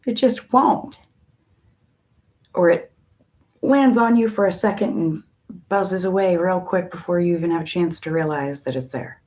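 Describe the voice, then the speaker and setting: A woman tarot reader in a casual spiritual talk, musing in a slow, meandering way with long pauses. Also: fairly low pitch, darkish tone.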